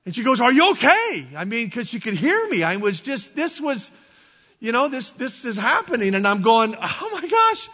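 A man preaching a sermon, telling a personal story in a halting, emotional way, stumbling over and repeating his words. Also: extremely high pitch, big pitch swings, pushed and bright, big-room sound. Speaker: pastor. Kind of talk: sermon testimony.

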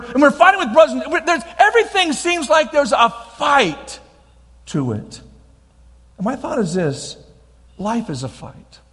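A man's voice: sits high, a bit bright. A middle-aged man preaching a sermon, emphatic and repeating his key lines, with frequent restarts as he tells a personal story. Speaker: pastor. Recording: long reverb of a large hall.

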